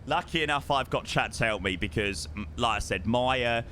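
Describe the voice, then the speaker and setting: A man's voice: mid-range voice, brisk, sharp tone, a little hiss or hum. A young man streaming a flight sim, chatting casually with his chat and calling people mate, his voice strained because he is losing it.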